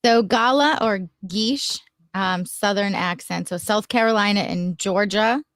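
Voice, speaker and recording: A woman hosting a casual group stream, briskly reading ranked lists to the others. Her pitch sits mid-range and the sound is dry. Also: a bit bright, no room sound. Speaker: stream host.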